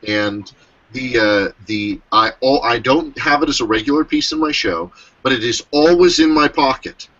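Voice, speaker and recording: A man hosting a casual interview over a video call, speaking in halting phrases. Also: mid-range voice, bright, forceful tone, muffled recording. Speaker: host.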